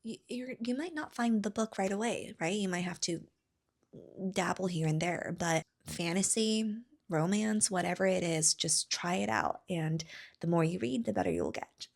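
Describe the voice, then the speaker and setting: A woman's voice: fairly low pitch, moderate pace, gravelly. A woman in her thirties, a book vlogger chatting casually to camera in a rambling way with lots of fillers. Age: 30s.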